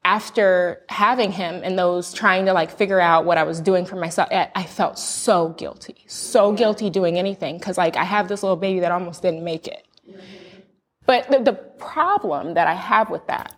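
A young adult woman from the United States telling a personal story in a candid chat, earnest and animated. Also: lowish voice, normal speed. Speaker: panel guest sharing a birth story.

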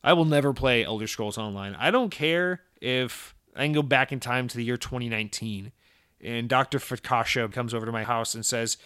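Casting: young American man, standard accent, sarcastic, rambling, swearing, mid pitch, dry close sound. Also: normal speed, a bit bright, clear, resonant tone, dry recording. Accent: General American. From Georgia, USA. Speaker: podcast host answering listener letters. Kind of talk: casual chat.

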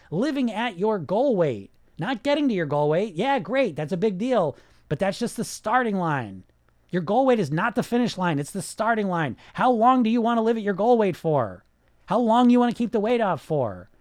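Male podcast coach, high animated voice, brash and profane, mocks listeners' excuses. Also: no echo, clean studio sound. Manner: blunt, profane, fires rhetorical questions. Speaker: weight loss coach and podcast host. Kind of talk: casual podcast monologue.

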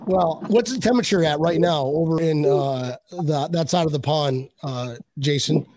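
A man's voice: a little high, moderate pace, a little mellow, a little hiss or hum. Rambling, jokey male podcast host. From Buffalo, USA. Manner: rambling and jokey, many restarts. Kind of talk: casual chat.

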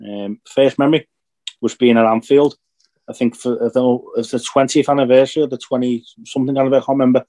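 Reflective, halting young man. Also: mid-range voice, steady tone, mellow. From Northern Ireland. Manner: reflective, halting, searching for words. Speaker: podcast co-host. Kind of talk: casual podcast chat.

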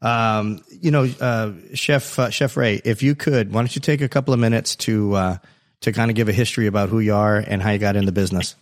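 Low-voiced joking podcast host, man. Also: fairly even intonation, brisk. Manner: jokey, encouraging, repeats catchphrases. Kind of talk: casual interview chat.

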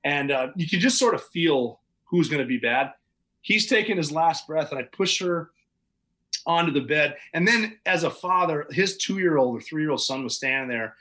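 A man's voice: on the high side, expressive, moderate pace, pushed and bright, rough recording. A man, a podcast guest, recounting events in casual, vivid, matter-of-fact storytelling with occasional chuckles.

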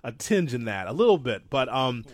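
A man co-hosting a casual wrestling talk show, rambling and self-deprecating, with animated asides. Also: mid-range voice, normal speed, no room sound. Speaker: podcast co-host.

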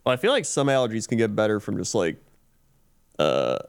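A man co-hosting a podcast, answering in laid-back, quieter casual chat. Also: fairly low pitch, very animated, brisk, clear, resonant tone, no echo, studio quality. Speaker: podcast co-host.

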